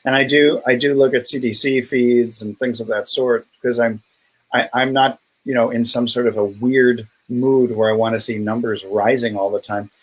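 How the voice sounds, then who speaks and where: A man's voice: medium pitch, steady tone, normal speed, rough recording. A middle-aged man co-hosting a casual live health chat, easygoing and joking, reading out viewer comments. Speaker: co-host, doctor.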